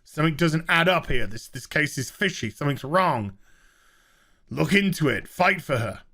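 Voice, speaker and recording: A man voicing a gruff middle-aged male villain in a low, mock-serious mutter. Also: animated, normal speed, bright, forceful tone.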